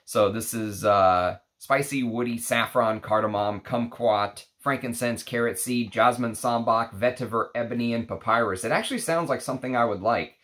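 A man's voice: medium pitch, normal speed, hardly any pauses, a bit bright. A man chatting casually as a fragrance reviewer, rambling and thinking aloud as he unpacks samples. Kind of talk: casual unboxing chat.

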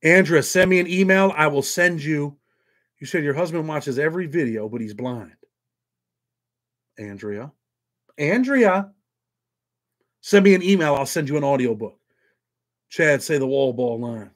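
Man, livestream host, rambling and profane, slightly high voice, home desk mic. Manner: rambling, profane, quick asides, reads donations aloud. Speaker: livestream host telling prison stories. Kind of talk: casual live chat with viewers.

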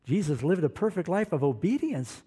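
Man, pastor, sermon, mellow tone, lively swinging pitch, calls for amens. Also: normal speed, slightly rough. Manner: animated, questions the congregation, calls for amens.

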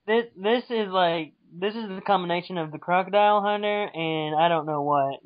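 A man's voice: high-pitched, moderate pace, no room sound, lo-fi sound. A man joking casually on a cartoon commentary, calling out pop-culture references as they come. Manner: jokey, blurts out references.

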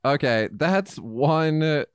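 A man hosting a casual podcast, telling animated stories full of fillers. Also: on the high side, very slow, smooth, dry recording, studio quality. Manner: animated storyteller, many fillers. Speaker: podcast host. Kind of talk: casual chat. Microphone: studio mic.

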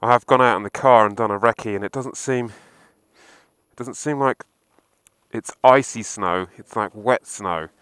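A man's voice: on the low side, unhurried, fairly bright tone, clear, resonant tone, no echo, low-quality recording. Exasperated man on a snowy motorbike. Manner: swearing, exasperated running commentary. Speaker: motorcycle vlogger. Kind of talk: casual video diary. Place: on a motorbike in snow, outdoors.

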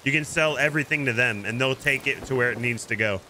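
A man streaming a pirate game, chatting casually and coaching another player with jokey excitement. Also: medium pitch, fast talker, a little hiss or hum, rough recording. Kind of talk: casual gameplay chat.

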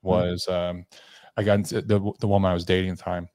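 A man's voice: low voice, level tone, fairly quick, a little mellow, dry recording. A man from Tennessee, a podcast guest, telling a candid personal story in a rambling way, with fillers and restarts, acting out the lines of the people in it.

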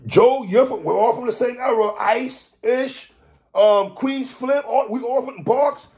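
A man hosting a podcast, ranting in animated commentary, stammering, repeating himself and shouting for emphasis. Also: very high voice, a little slow. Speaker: podcast host.

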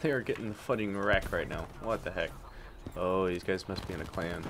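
A man's voice: low-pitched, fairly quick, background noise. A man giving casual, jokey commentary while playing a game, swapping swear words for mild substitutes. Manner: jokey, swaps swears for minced oaths. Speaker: gameplay commentator. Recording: loud game gunfire behind voice. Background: shooter game gunfire.

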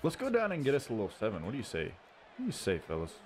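A man hosting his gaming channel, giving casual running commentary on his own football video game and cheering loudly at big plays. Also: medium pitch, wildly swooping pitch, quick pace. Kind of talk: live gameplay commentary. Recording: audible background noise.

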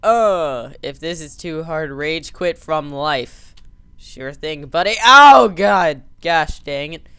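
A man's voice: a little high, slow, a bit bright, clean tone, no echo. A man giving goofy, joking commentary over a game he plays as host. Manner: goofy, joking, mock voices. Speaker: let's play host. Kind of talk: gaming commentary.

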